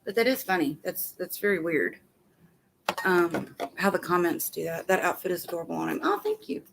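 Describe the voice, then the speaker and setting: A woman's voice: fairly low pitch, fairly even intonation, normal speed, creaky, fairly bright tone, slight background noise. Chatty woman live-streaming from home. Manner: chatty, rambling, reads comments aloud. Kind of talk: casual live-stream chat. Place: at home with a baby.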